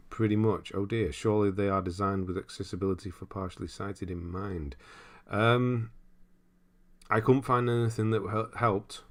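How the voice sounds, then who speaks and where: Man, low voice, casual rambling streamer, reads viewer comments, laughs a lot. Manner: chatty and rambling, laughs often. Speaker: streamer host. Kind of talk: casual livestream chat reading viewer comments.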